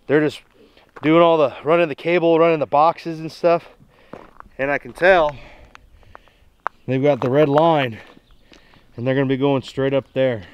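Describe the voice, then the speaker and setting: A man's voice: medium pitch, clear, resonant tone, lo-fi sound. A man who runs a small family farm, talking in a chatty, down-to-home way as he walks through a casual farm vlog. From Nebraska. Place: farmyard outdoors, then inside a torn-up house.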